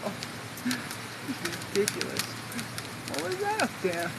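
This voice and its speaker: A woman with a medium-pitched, creaky voice whose pitch swoops wildly records a thunderstorm from an eighth-floor outdoor balcony on a handheld phone. Speaking at a moderate pace with many pauses, she gasps, exclaims, and shrieks at close strikes in excited live commentary, while loud rain hammers the phone mic.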